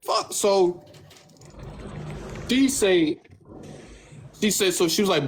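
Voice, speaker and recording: A young man hosts a livestream and tells a story on his phone, loose and full of swearing. He acts out other people's lines in mocking voices. His voice sits high, over a faint hiss of noise. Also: slow pace, gravelly, pauses often. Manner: animated, profane storytelling, acting out others' lines in mocking tones. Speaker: livestream host.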